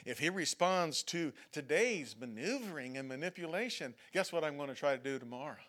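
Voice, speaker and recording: A man's voice: fairly high pitch, lively intonation, fairly quick, a bit bright. A male pastor preaching a sermon in a church, talking conversationally, often checking in with "okay?" and acting out prayers and whining voices. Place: church sanctuary.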